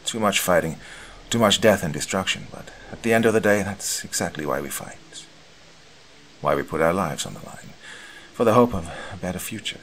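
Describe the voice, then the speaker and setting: A man voicing a calm, confident squad leader who gives steady orders. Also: low voice, a little fast, a little hiss or hum. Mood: consoling.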